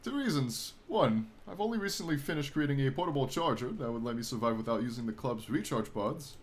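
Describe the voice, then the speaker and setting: A man voicing a calm, matter-of-fact female robot shark while reading a text adventure aloud. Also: medium pitch, a little fast, lightly acted.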